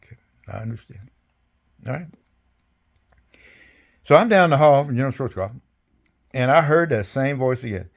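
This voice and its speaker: A man's voice: mid-range voice, lively intonation, normal speed, creaky, long pauses. An older man recounting his service in a rambling, folksy way, speaking casually over a video call. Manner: rambling, folksy, salty, chuckling. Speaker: veteran interviewee. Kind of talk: casual storytelling interview.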